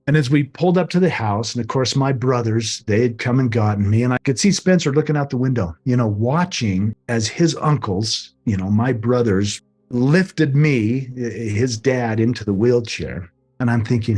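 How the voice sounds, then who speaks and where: A man's voice: medium pitch, a little mellow. A middle-aged man earnestly recounting a personal near-death experience in an emotional, reflective way. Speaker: guest telling his near-death experience. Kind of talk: personal storytelling.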